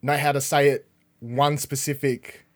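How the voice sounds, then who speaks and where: A man hosting a podcast in casual chat, energetic and rambling as he talks. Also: mid-range voice, a little slow. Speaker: podcast host.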